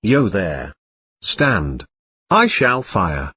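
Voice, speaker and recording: A man's voice: low-pitched, wildly swooping pitch, extremely slow, slightly rough, no room sound, pitched below the performer's own voice, full character voice. A man voicing a wary, stern coach guard who barks commands at a stranger. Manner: barking, commanding shouts.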